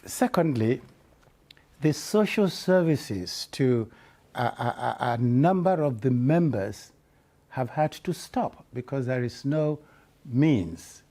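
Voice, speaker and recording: A man's voice: mid-range voice, expressive, warm tone. A man who leads a church body gives an earnest spoken report to members. He stops and restarts his words often. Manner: halting, with many repeated restarts. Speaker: church leader giving a report.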